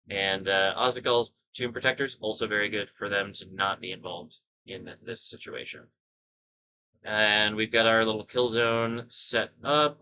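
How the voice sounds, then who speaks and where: A man's voice: on the low side, sharp tone, rough recording. A man hosting a gaming video, giving casual gameplay commentary and thinking aloud in rambling asides.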